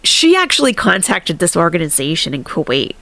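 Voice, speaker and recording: A woman's voice: fairly low pitch, very animated, a little fast, creaky, fairly bright tone. A woman hosting a live stream, chatting casually and animatedly, laughing often and thanking viewers.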